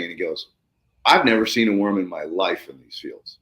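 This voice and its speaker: A middle-aged man with a low voice that swings widely up and down as he tells his stories. He chats casually as a podcast host and acts out each person he quotes. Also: a little fast. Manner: animated anecdote-telling, acts out the people he quotes. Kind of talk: casual storytelling chat.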